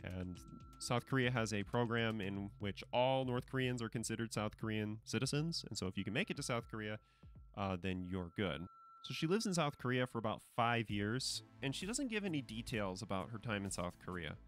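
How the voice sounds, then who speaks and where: A man's voice: lowish voice, lively intonation, normal speed, soft background music. A man giving casual spoken commentary to camera, conversational and hedging, with frequent fillers and restarts. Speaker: commentary channel host.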